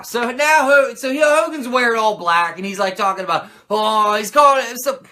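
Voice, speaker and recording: A man's voice: very high-pitched, moderate pace, sharp tone. A male host giving a comedic, profane and sarcastic wrestling recap.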